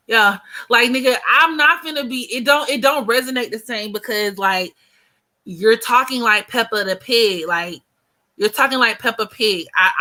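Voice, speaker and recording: Bright-voiced American woman, blunt and slangy. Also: mid-range voice. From United States. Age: 30s. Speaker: host. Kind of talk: casual livestream chat.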